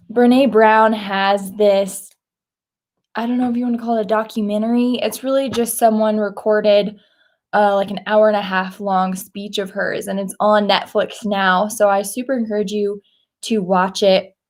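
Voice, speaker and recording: A woman speaking at church, retelling a story in a conversational, animated way with casual fillers. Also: medium pitch. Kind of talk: sermon with a retold story.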